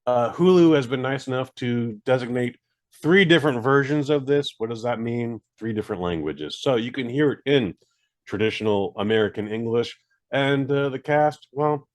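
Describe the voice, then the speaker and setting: A man co-hosting a podcast, reviewing a movie in casual, rambling chat with many fillers and jokes at his own expense. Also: medium pitch. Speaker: podcast co-host.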